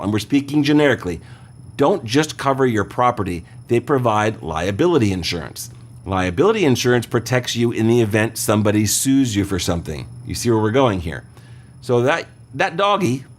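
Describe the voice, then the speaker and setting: Low-voiced man explaining insurance questions. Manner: conversational, explanatory, checks in with tag questions. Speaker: insurance show host. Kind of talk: answering listener questions on air.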